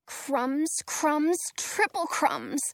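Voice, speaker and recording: A woman reads a children's storybook aloud, slowly and with a lively, rising and falling voice. Her voice sits a little high, and the sound is close and dry. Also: vocal fry, no room sound. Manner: expressive, lively delivery. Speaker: narrator.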